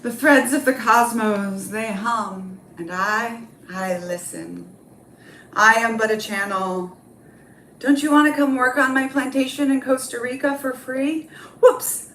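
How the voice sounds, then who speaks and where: A woman's voice: on the high side, steady tone, a little slow, a bit bright, echoey room, slight background noise, pitched above the performer's own voice. A woman voicing a dreamy new-age female guru channeler with an airy, mystical, salesy manner.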